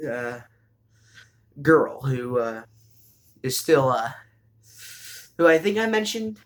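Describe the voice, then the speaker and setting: A man casually recapping an anime, rambling with lots of fillers and restarts and bursts of excitement. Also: medium pitch, slow pace, long pauses.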